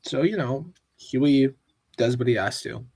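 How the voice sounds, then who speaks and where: A man's voice: mid-range voice, a little slow, gravelly, a little mellow, husky, no room sound. A man co-hosting a casual pop-culture podcast, ranting with lots of swearing. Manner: profane and ranting. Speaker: podcast co-host. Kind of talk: casual chat.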